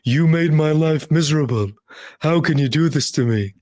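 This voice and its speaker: A man's voice: fairly high pitch, moderate pace, darkish tone, no echo, voice pushed up, close to an everyday voice. A man putting on the voice of a weeping, indignant older male politician, pleading in a tearful outburst.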